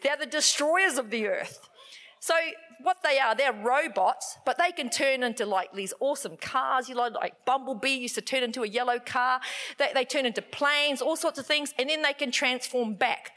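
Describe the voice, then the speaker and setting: A woman's voice: fairly high pitch, bright, forceful tone. A woman in her forties with a New Zealand accent, preaching a sermon in a chatty, upbeat way with lots of fillers.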